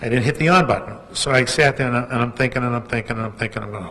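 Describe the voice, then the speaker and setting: A man's voice: mid-range voice, rapid-fire, a bit bright, big-room sound. Rambling storyteller man. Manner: rambling, self-mocking, lots of asides. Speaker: author. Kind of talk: anecdotal storytelling talk. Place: book launch event hall.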